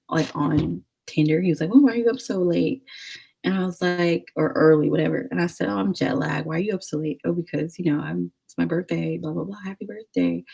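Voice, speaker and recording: A woman's voice: lowish voice, creaky, a little mellow, husky, poor audio. A young woman vlogger telling a dating story in a chatty, rambling way, full of "like". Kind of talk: casual storytelling.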